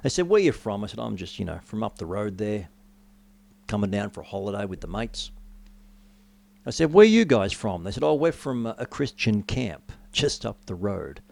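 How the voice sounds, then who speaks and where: A middle-aged man giving a sermon testimony, telling his story with dramatic rises and drops in pitch and volume. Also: sing-song, moderate pace, creaky, a little mellow. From Australia. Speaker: preacher.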